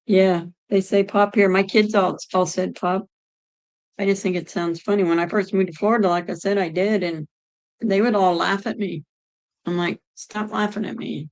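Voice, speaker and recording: A woman's voice: medium pitch, fairly even intonation, moderate pace, poor audio. A middle-aged woman from Ohio, chatting casually and rambling as she answers her viewers' chat. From Ohio, United States.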